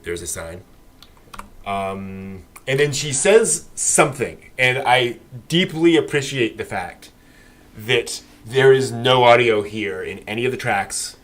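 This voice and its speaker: A man co-hosting an anime discussion show, talking through scenes thoughtfully with lots of ums and pauses. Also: medium pitch, animated, a bit bright. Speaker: podcast co-host. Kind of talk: casual analytical discussion.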